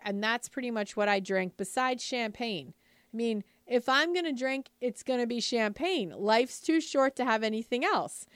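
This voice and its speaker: A chatty woman with a high, smooth voice gives an upbeat motivational talk to moms. She talks casually, sprinkles in "like" and "you know", and keeps asking the listener questions. The sound is dry and close. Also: no room sound. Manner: asks the listener rhetorical questions. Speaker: lifestyle speaker addressing moms.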